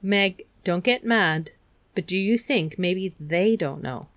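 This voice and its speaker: A woman voicing Calvin, a gentle teenage boy, speaking in a reassuring way. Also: on the low side, takes it slowly, no echo.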